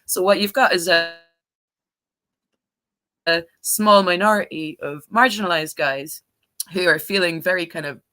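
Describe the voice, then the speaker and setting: A woman's voice: fairly low pitch, a little slow, long pauses, pushed and bright, no echo. A woman talking as a guest on a podcast, casual and chatty, with lots of "like" and "you know".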